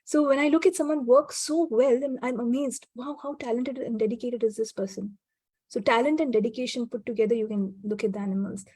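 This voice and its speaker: A woman talks in an easy, reflective way, often restarting her sentences and laughing softly. Her voice sits a little high yet sounds mellow and warm. The recording is dry and close. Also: a little fast, breathy edge, no echo. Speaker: guest. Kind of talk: casual conversation.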